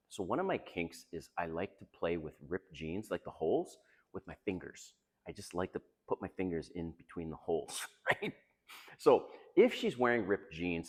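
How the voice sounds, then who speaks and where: A man's voice: deep voice, big pitch swings, moderate pace, husky, long reverb tail. A man giving casual dating advice in a chatty, confiding way, laughing often. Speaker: dating coach.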